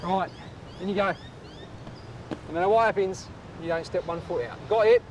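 A man playing a fed-up male police officer who rants gruffly. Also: high-pitched, moderate pace, slight background noise, close to an everyday voice. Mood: exasperated.

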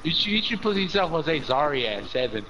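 A man's voice: fairly high pitch, very animated, brisk, a loud crowd. A young man joking and complaining in slangy casual chat while gaming with friends.

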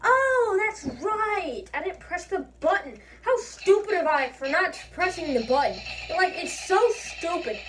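A woman's voice: extremely high pitch, sing-song, a little slow, few pauses, a bit bright. A woman giving rambling, goofy commentary while playing a game, with lots of filler sounds. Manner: rambling and goofy, full of ums and uhs. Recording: distant mic with faint background noise.

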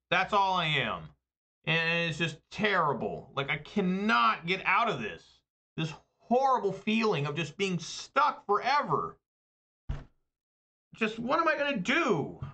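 This adult man, a family man with a wife and kids, streams and hosts his own channel, and he vents to viewers with a pushed, bright, high-pitched voice. The rant is casual, exasperated and full of swearing as he runs himself down.

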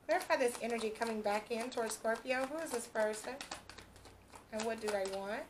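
A chatty woman reading tarot cards for her viewers, with a slightly high voice and a ready laugh. Faint noise sits under her voice. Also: a little fast. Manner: chatty, laughs often, quotes imagined speech. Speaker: tarot reader.

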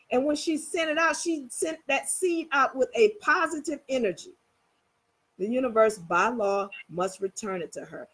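A woman with a fairly high, husky voice gives a casual motivational talk. She tells little everyday scenes with animation and keeps checking in with her listeners. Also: poor audio. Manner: animated, storytelling, coaxing listeners. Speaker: spiritual teacher.

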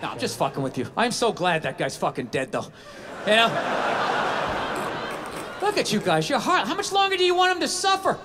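A man's voice: high-pitched, big pitch swings, a little fast, pauses often. A man doing a profane, sarcastic stand-up rant on stage before a live audience. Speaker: stand-up comedian. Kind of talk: stand-up routine. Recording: live set with loud crowd and noise.

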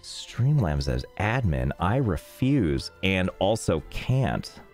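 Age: adult. Sex: man. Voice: low, lively rambling streamer. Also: takes it slowly. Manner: rambling, self-mocking, exasperated by technical trouble. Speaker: game streamer. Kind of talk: casual live-stream chat. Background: faint game music.

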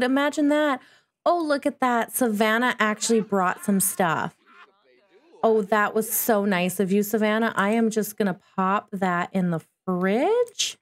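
A woman's voice: mid-range voice, a little slow. A woman giving chatty, playful commentary while playing a life-simulation game, talking back to the characters on screen. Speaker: gaming video host. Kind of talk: casual gameplay commentary.

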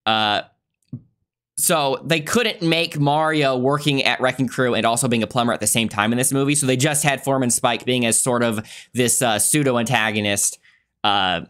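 A man's voice: mid-range voice, normal speed, bright, forceful tone, clean tone. A man in casual review chat, talkative and explaining background at length. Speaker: podcast host reviewing a film.

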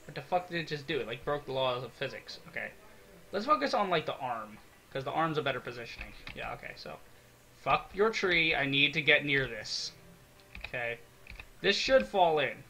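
A young man giving excitable, swear-filled let's-play commentary, talking to himself as he builds in a game. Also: mid-range voice, moderate pace, slight background noise. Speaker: gaming video creator.

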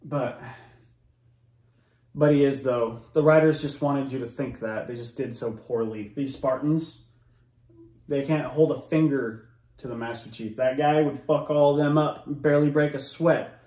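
A man's voice: medium pitch, measured pace, dark tone, roomy sound. A man doing heated reaction commentary, swearing a lot and stumbling over fillers and restarts. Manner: profane, heated, lots of likes and restarts.

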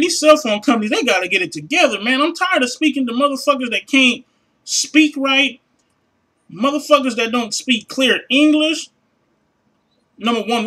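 A man ranting in a vlog, loud and exasperated and swearing heavily. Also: very high-pitched. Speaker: vlogger.

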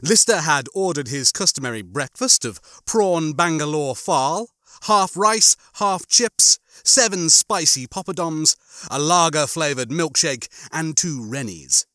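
A man hosting his channel, chatting warmly with listeners and then narrating a comic novel with enthusiasm. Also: a little high, a little slow, no room sound, clean studio sound. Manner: enthusiastic, animated reading. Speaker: audiobook reader and channel host.

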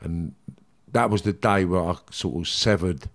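A man's voice: low voice, a little slow, a bit bright. A middle-aged man with a London accent, a former gangster speaking as an interview guest, blunt, emotional and swearing freely as he tells his story.

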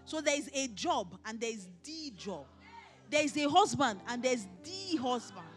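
A middle-aged woman pastor with a Nigerian accent, preaching emphatically at a conference and often raising her voice to a shout. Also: a little high, moderate pace, soft background music. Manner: emphatic, animated preaching with rising shouts and mimicry. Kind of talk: conference sermon. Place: conference hall.

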